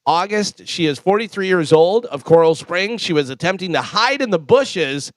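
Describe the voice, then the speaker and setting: A man's voice: high voice, lively intonation, normal speed, no room sound. A man co-hosting a radio show, reading a news item aloud in a matter-of-fact way. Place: radio studio.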